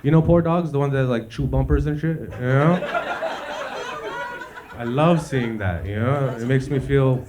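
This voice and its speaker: A man's voice: mid-range voice, unhurried, background noise. A man from Canada performing a stand-up comedy set, loose and conversational, leaning on "you know" between lines. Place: comedy club stage. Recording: live club recording with crowd. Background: audience laughter.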